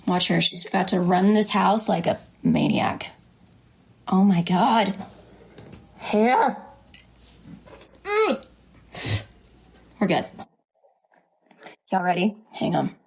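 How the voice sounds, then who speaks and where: A woman's voice: mid-range voice, lively intonation, slow pace, vocal fry, pauses often. A young woman chatting casually on a live stream at home, gushing over her dogs. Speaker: livestream host. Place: home, indoors.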